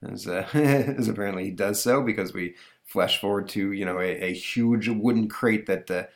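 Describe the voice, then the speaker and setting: A man's voice: on the low side, normal speed. A man hosting a podcast, retelling a comic strip in rambling casual chat with fillers and chuckles. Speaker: podcast host.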